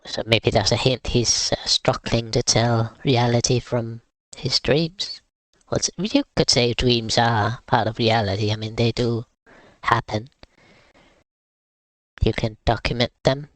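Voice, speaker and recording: A man's voice: medium pitch, steady tone, a little slow, a bit bright, no echo. A man streaming a game live, with casual, wry, rambling commentary.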